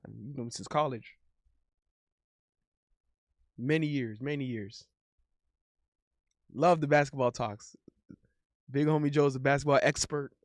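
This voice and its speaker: A man's voice: mid-range voice, fairly even intonation, measured pace, long pauses, dry recording, studio quality. A man in his thirties chatting casually on a livestream, rambling and repeating himself in slangy talk. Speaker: live streamer. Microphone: studio condenser mic.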